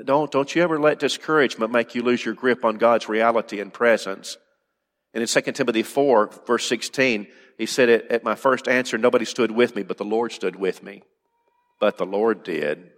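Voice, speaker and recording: A man preaching with a fairly low voice that carries a long reverb, as if in a large church hall. He speaks earnestly, pressing questions upward and then easing into quiet, gentle stretches. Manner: earnest, rising to urgent questions then dropping soft and calm. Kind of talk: sermon.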